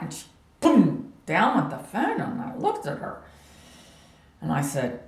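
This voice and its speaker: A woman vlogger telling a personal story in a slow, meandering way, laughing as she goes. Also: low-pitched, sing-song, roomy sound.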